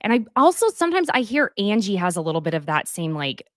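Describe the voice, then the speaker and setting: Woman host, casual gossip recap, chatty asides, medium pitch, dry close sound. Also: sing-song, fast, no room sound. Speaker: podcast host. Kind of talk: casual chat recapping a reality show.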